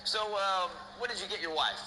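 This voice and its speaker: Ventriloquist straight man, coaxing and patient, lively high voice, echoey stage with loud noise. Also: brisk. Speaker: ventriloquist comedian.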